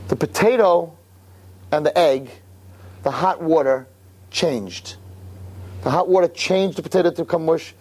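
A man voicing a patient, wise rabbi who calmly explains a lesson to his student. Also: a little high, measured pace, pauses often, breathy edge. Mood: explaining. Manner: calm, explaining. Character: patient, wise older male rabbi teacher.

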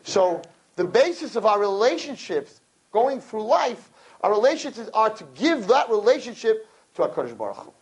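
A man giving a sermon to a live audience, preachy and animated, acting out little scenes as he talks. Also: sits high, normal speed, poor audio. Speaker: religious speaker.

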